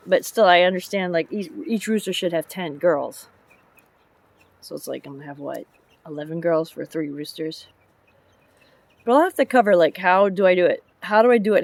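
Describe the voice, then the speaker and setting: A woman with a fairly low, darkish voice vlogs in a loose, rambling way, chatting about her chickens and her job driving dump trucks. She's a vlogger who drives trucks for public works, and she's chatty, hops between topics, and laughs often.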